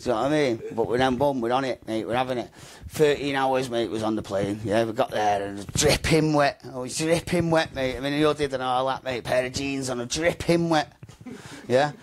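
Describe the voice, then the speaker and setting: A man speaking as an interview guest, his pitch sitting in the middle range. He rambles through his story in casual street slang, circling back on his own phrases. His delivery is loose and conversational. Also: brisk. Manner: rambling, slangy, repeats "mate" and "do you know what I mean".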